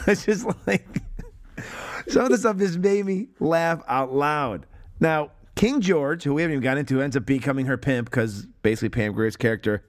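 A man in casual podcast chat who keeps breaking into laughter mid-sentence. He rambles through his points and swears freely. His pitch sits in a middle range for a man. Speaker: podcast co-host. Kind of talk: casual film review chat.

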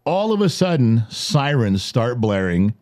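A man in his forties hosting a podcast in a studio, telling a story in a lively, profane, laughing way. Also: medium pitch, a little slow. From United States. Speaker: podcast host. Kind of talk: animated storytelling chat.

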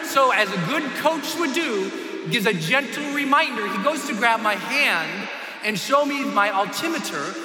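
High-voiced, shouting motivational speaker man. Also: a little slow, reverberant, long reverb tail. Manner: animated, shouting, bursts of screaming. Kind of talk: storytelling speech on stage.

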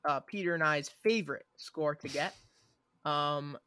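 A man's voice: a little high, unhurried, pushed and bright, smooth, dry recording, studio quality. A young man co-hosting a casual podcast, teasing his friends as he reads out player ratings.

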